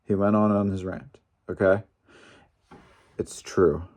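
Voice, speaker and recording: A young man talks in a casual vlog with a lowish voice. He sounds animated and opinionated and drops in mild swearing while he recaps the day. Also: slow pace. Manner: animated, opinionated, mildly profane. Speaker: wrestling fan commentator.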